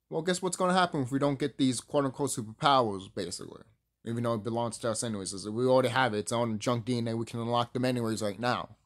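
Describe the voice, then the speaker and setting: With a mid-range voice and a fast delivery, a young man hosting his YouTube channel rants emphatically in a casual spiritual monologue, cursing along the way and often starting sentences over.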